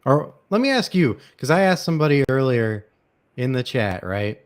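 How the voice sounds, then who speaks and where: A man's voice: mid-range voice, big pitch swings, moderate pace, smooth. A young man hosting a podcast in casual chat, rambling and opinionated, his voice cracking from a dry throat. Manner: rambling, opinionated, with many fillers and restarts. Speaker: podcast host.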